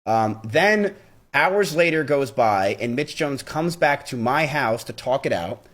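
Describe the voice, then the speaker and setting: A young man talks to his stream in a casual, blunt way and swears often. His voice sits at an ordinary middle pitch. He tells the story in a heated, rapid flow and acts out the quoted lines. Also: expressive, fairly bright tone. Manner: blunt, profane, heated retelling with quoted dialogue.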